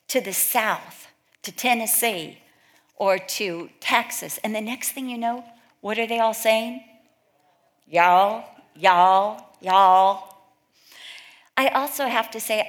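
A woman's voice: medium pitch, a bit bright. A middle-aged woman from California giving an informal talk to a women's Bible study, chatty and full of anecdotes where she acts out what other people said. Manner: chatty storytelling, acts out quoted voices.

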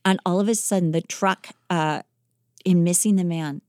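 A woman podcast host telling a life story in a lively, dramatic way, acting out the quoted lines. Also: lowish voice, normal speed, no room sound, studio quality. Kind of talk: animated storytelling.

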